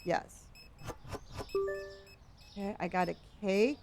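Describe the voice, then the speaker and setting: A woman's voice: mid-range voice, slow, music in the background. A woman from Southern California streaming a game, chatting casually with her viewers and talking to herself as she plays. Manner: chatty, reads viewer locations aloud with sudden excited gasps; talks to herself while playing a store game. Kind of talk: casual live-stream chat.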